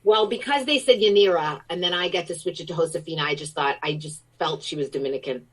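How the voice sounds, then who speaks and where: A middle-aged American woman with a strikingly low voice is a guest in an interview, gushing with enthusiasm as her stories spill out in relaxed conversation. She talks fast, and the recording quality is poor.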